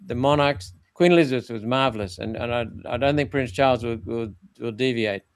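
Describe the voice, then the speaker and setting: Older aussie bloke, blunt and emphatic, gravelly voice, dry room. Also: male voice, mid-range voice, a little fast, no room sound. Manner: blunt, emphatic, with frequent restarts. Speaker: former senator interviewed as guest. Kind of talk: political interview talk.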